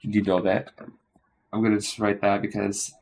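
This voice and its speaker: A man live streaming his study session, thinking aloud in a rambling way, correcting himself and slowly sounding out phrases. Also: fairly low pitch, level tone, darkish tone.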